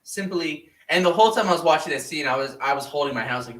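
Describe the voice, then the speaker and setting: Animated, rambling man in an echoey room. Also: a little high, very fast, hardly any pauses, far from the mic. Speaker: podcast host. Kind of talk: casual chat.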